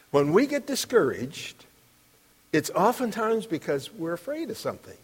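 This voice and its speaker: A middle-aged man preaching a sermon, emphatic, rising to loud declarations on the verses he quotes. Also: sits high, huge pitch swings, moderate pace, husky. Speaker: pastor. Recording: long reverb of a large hall.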